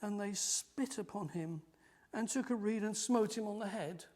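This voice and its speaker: A man preaching a sermon in a church, animated and lively, acting out the mockers' voices. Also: high voice, normal speed.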